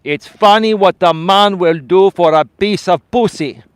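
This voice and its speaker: A man voicing his stern older father with a thick Greek accent, speaking slowly and emphatically with blunt warnings. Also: sits high, clear, resonant tone, no echo, pitched above the performer's own voice. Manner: slow, emphatic, loud warnings.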